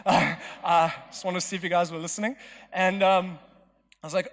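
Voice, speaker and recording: A man's voice: high voice, fairly even intonation, normal speed. A young man preaching a storytelling sermon in a chatty, joking, self-mocking way in a church hall. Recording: long hall reverb.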